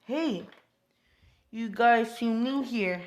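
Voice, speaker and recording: Brief: a two-faced friendly schemer, read by a woman, slow and casual. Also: on the high side. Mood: sly. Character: sly friendly-seeming older man, rookie crusher.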